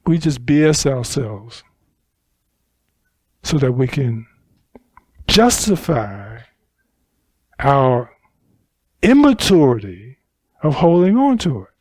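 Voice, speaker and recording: A man's voice: medium pitch, sing-song, takes it slowly, long pauses, a little mellow, breathy edge, no room sound. A man giving a Buddhist dharma talk at a retreat center, teaching unhurriedly with emphatic repetition.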